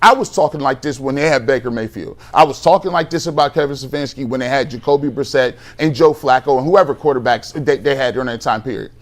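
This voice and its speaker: A man's voice: mid-range voice, fast talker, hardly any pauses. A man co-hosting a sports talk show, ranting in a heated, slangy, exasperated way about coaching decisions.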